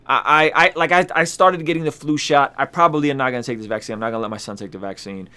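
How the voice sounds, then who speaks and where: A man's voice: medium pitch, fast talker, bright, forceful tone, clean tone. A man hosting a casual vlog, talking straight to his viewers, emphatic and repeating lines for effect. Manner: addresses viewers directly, conversational slang. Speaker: YouTube host.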